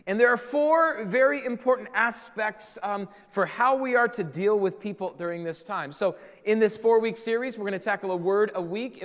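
A man's voice: sits high, long reverb tail. A man preaching a sermon as pastor, earnest and repeating key phrases for emphasis.

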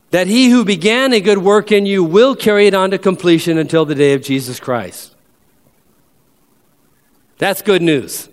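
A man delivering a sermon, his voice sitting a little high for a man. He presses his points with emphasis and slows down to read scripture aloud. The sound carries a long reverb, as in a large hall. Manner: emphatic preacher who slows down to read verses. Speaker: pastor.

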